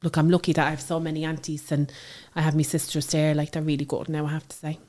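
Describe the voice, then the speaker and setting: As a guest on a casual, conversational interview, an Irish woman in her thirties tells animated stories about her daughter. She talks quickly in a low voice and uses plenty of fillers.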